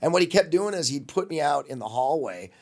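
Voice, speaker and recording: A Wisconsin man in his fifties, long a radio host, tells lively stories during an interview and acts out the voices of the people he quotes. His voice is fairly high-pitched and a little fast.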